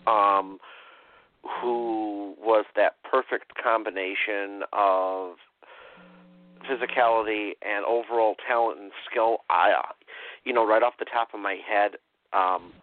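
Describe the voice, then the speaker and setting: A man's voice: lowish voice, fairly even intonation, slow pace. A man in a casual podcast chat who talks thoughtfully and hesitantly, with many ums. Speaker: podcast co-host. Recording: dry tinny phone line.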